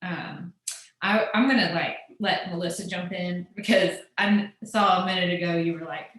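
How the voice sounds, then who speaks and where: Woman, coach, low-ish voice, casual candid chat, echoey room. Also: fairly even intonation, normal speed, fairly bright tone. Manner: candid, emotional, filler-heavy. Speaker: fitness coach. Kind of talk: casual group call chat.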